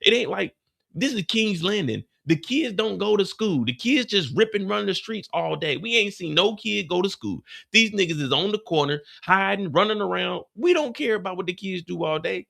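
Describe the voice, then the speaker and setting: Gravelly high-voiced man on a heated rant. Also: lively intonation, moderate pace, sharp tone. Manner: profane, heated, ranting in character. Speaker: show recap host. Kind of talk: live comedic recap rant.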